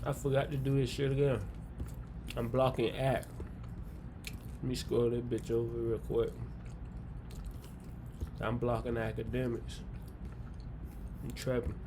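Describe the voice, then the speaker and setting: A man's voice: mid-range voice, level tone, a little slow, pauses often, noisy background. A man hosting a livestream, muttering offhand reaction comments.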